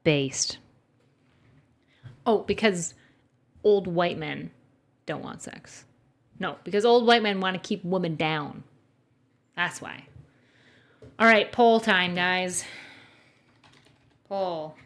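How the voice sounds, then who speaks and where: A woman's voice: on the low side, slow pace, pauses often. A woman streamer giving casual, sarcastic reaction commentary with plenty of swearing. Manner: sarcastic, swearing, mocking impressions. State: dry throat. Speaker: streamer reacting to a podcast clip.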